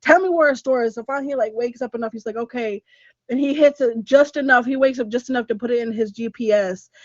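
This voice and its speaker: A woman on a podcast, telling a story in an animated, emphatic way and laughing as she goes. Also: a little high, fast, dry recording. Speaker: podcast co-host. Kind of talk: casual storytelling chat. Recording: dull, slightly muffled podcast audio.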